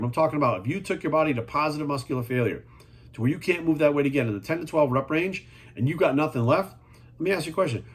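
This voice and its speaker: A man's voice: mid-range voice, slightly rough. A man talking as a fitness coach in a casual monologue, blunt and profane, firing rhetorical questions at the viewer.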